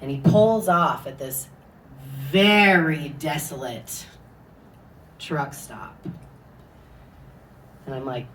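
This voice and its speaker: A woman telling a profane stand-up story, deadpan, with sudden drops to hushed asides. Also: sits low, slow, pauses often. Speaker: stand-up comedian. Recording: distant room sound with audible noise.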